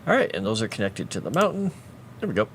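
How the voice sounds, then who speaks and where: Lively low-voiced man chatting while working. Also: quick pace, a little hiss or hum. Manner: chatty, muttering to himself and cooing at his pet. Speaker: fantasy map maker. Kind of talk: casual livestream chat while working.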